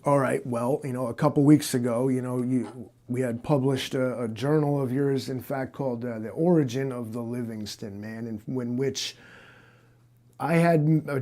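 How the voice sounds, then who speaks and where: A man hosting a livestream, asking questions in a low-key, hesitant way with many fillers. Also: fairly even intonation, moderate pace, mellow. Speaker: livestream host. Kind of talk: improvised comic interview.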